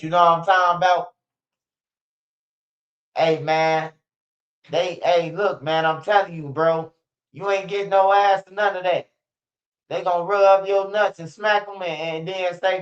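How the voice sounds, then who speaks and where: A young man rants casually to his stream viewers in loose, profane street slang, repeating himself a lot. His voice sits high with fairly even intonation, and he's unhurried, leaving long pauses. The stream audio is dull and lo-fi.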